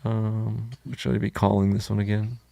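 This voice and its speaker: A man with a lowish, gravelly voice chats casually, thinking out loud in halting bursts and tossing in "dude". The sound is close and dry. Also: flat delivery, no room sound. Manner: thinks aloud, hesitant, says "dude" a lot. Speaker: co-host trading live. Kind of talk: casual live-stream chat.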